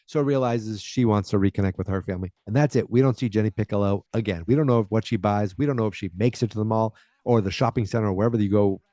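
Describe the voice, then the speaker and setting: A man's voice: on the low side, mellow, no echo, clean studio sound. A man hosting a podcast, casually recapping an episode in a rambling way with lots of fillers and restarts. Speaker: podcast host.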